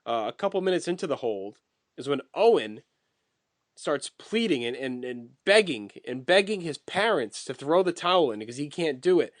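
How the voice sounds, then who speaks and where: A man co-hosting a podcast, walking through a wrestling match blow by blow in relaxed, casual chat with occasional swearing. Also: fairly high pitch, normal speed, dry recording, clean studio sound. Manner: detailed play-by-play recounting, swears casually. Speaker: podcast co-host.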